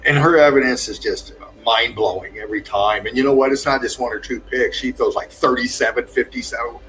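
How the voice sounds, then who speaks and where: A man hosts a casual livestream, heaping praise on each viewer who turns up. He talks at a middle pitch, calls people darling and laughs often. Faint music plays underneath. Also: fairly bright tone. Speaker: livestream host. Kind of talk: casual livestream shout-outs.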